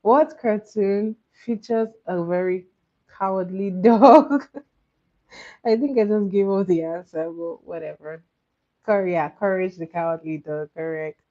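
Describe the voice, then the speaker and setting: A young woman hosting a casual cartoon trivia quiz, who laughs often and repeats her questions slowly. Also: mid-range voice, warm tone, muffled recording. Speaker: quiz host.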